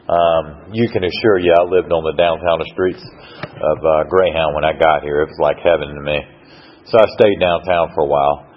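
A man's voice: deep voice, a little hiss or hum. A middle-aged man from Georgia with a Southern accent, telling his recovery story in a rambling, wry, folksy way at a meeting. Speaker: speaker sharing a recovery story. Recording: dull lo-fi recording.

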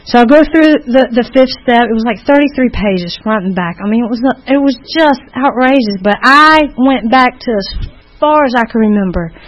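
A woman's voice: on the high side, normal speed, highs cut off. Candid woman telling her recovery story. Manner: candid, rambling storytelling with many restarts. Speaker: recovery meeting speaker. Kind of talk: personal testimony.

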